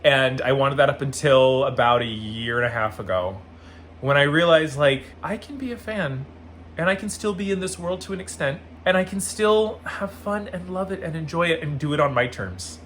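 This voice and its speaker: A man telling stories casually in a vlog, animated and full of "like" fillers. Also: on the high side, slight background noise. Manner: animated, acts out quoted voices, frequent "like" fillers. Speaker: vlogger.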